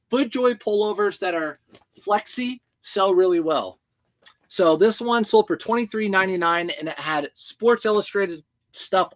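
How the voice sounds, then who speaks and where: A man's voice: high voice, a bit bright. A man who resells clothing, hosting a casual livestream and chatting as he answers viewer comments.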